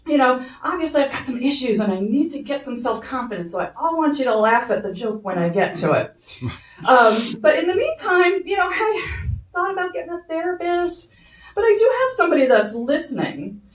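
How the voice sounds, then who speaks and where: A middle-aged woman with a high voice working through a chatty stand-up set. She pokes fun at herself and swears casually. The sound is echoey, with her voice a little off from the mic. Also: big pitch swings, brisk, distant mic. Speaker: first-time stand-up comic. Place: comedy club stage.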